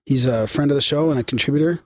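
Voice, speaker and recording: A man's voice: medium pitch, fast, no room sound. A man with a Canadian accent co-hosting a podcast in casual, rambling chat, reading out listener mail and laughing easily. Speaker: podcast co-host.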